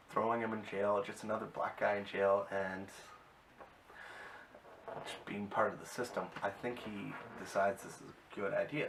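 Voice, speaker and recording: Male reviewer, low voice, loose enthusiastic recap full of fillers; distant mic with light hiss. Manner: rambling, filler-heavy, enthusiastic. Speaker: video reviewer. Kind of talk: casual episode recap.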